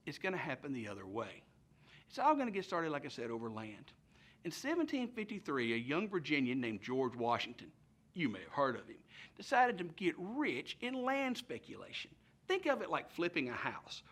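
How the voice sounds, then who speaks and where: Animated, bright-voiced man teaching history. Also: fairly high pitch. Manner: conversational, animated storytelling. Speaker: history presenter. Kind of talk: casual history lesson.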